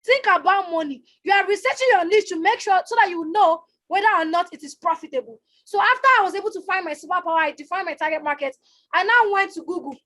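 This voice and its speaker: A woman coaching on a live stream, energetic and loud, who likes to shout and repeats herself for emphasis. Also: very high voice, quick pace. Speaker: online business coach. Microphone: phone or webcam on a live stream.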